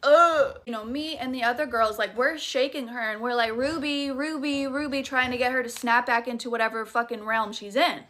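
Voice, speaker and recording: A woman's voice: a little high, fairly even intonation, fairly quick, few pauses, a bit bright. A young woman with a Southern US accent tells a horror story in a casual, dramatic and profane way. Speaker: storytime creator.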